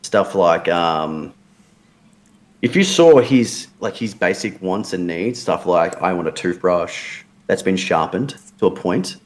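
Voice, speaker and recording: A man's voice: low-pitched, expressive, slow. A tired man, telling crude, joking stories in casual chat. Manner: joking storyteller, crude banter. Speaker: show regular, wrestler.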